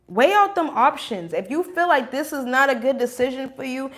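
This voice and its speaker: A woman doing a casual tarot reading, blunt and animated, laughing often as she talks. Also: high-pitched, normal speed. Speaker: tarot reader.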